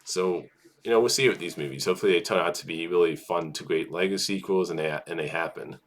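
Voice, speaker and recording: A man's voice: low voice, quick pace. A man casually talking through film news as a vlogger, rambling with lots of filler words and restarts.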